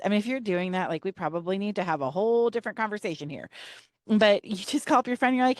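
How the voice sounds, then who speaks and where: A woman therapist giving a conversational, encouraging faith-based talk on trauma healing, sometimes slowing to a gentle, calm delivery. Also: medium pitch, no echo, clean studio sound. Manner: conversational and encouraging, with frequent "right?" and "you know".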